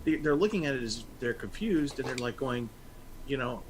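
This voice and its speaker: A man with an expressive, rising and falling voice retells a scene in a loose, rambling way. He is a casual co-host. A murmur of voices runs underneath him. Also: mid-range voice, moderate pace, crowd noise, rough recording. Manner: rambling retelling with many "you know"s. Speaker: podcast co-host. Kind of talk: casual chat.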